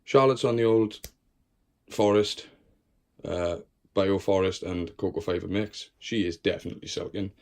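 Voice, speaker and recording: A man with a lowish voice talks casually through a tour of his tarantula collection in his bedroom. He swears freely and chats to the spiders, coaxing and scolding them as he films. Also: moderate pace, gravelly, darkish tone. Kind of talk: casual room-tour vlog. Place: bedroom at home.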